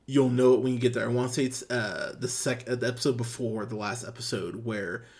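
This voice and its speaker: Brief: young male podcast host, mid-range voice, excitable and profane in casual chat. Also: mid-range voice, a little fast. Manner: enthusiastic, profane, full of restarts and fillers.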